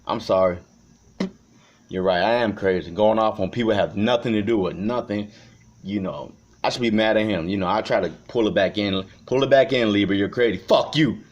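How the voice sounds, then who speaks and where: Low-voiced man rambling profanely, lo-fi. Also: brisk. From Chicago. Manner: profane, rambling, swings between shouting and quiet reflection. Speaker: vlogger. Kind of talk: unscripted vlog monologue. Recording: dull lo-fi recording.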